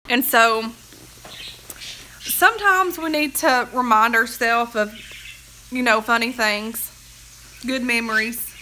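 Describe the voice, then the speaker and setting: A woman's voice: a little high, slow pace, long pauses, bright, forceful tone, slight background noise. A woman, chatting rambly on a phone livestream from her couch at home, drawling and laughing at her own stories. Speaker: livestream host. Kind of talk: rambling casual chat.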